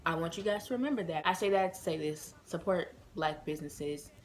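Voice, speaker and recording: A woman with a voice a little on the low side tells a storytime vlog to her viewers. She talks loosely and casually, packing her sentences with fillers and calling out to y'all. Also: lively intonation, fast talker, a little hiss or hum. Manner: chatty, many fillers, addresses viewers as y'all. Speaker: vlogger.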